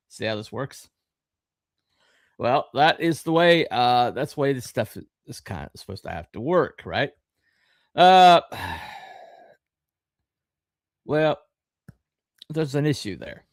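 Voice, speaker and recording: A middle-aged man hosting a podcast, talking in a rambling, halting way with lots of fillers and a wry, sarcastic edge. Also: medium pitch, very animated, dry recording, clean studio sound. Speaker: podcast host. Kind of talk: casual live-stream commentary.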